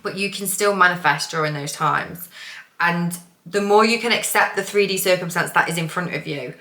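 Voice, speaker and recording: Woman coach, casual and chatty, swears freely, bright forceful tone, echoey room. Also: fairly low pitch, moderate pace. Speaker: manifestation coach. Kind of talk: casual vlog talk. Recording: roomy echo.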